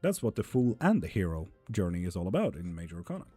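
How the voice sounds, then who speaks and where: Chatty guy doing tarot on a livestream, low mellow voice, calls everyone honey, dry close sound. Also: very animated, fast, breathy edge, dry recording, soft background music. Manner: chatty, calls viewers honey, swears freely. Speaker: tarot reader and live streamer. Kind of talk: casual live-stream chat.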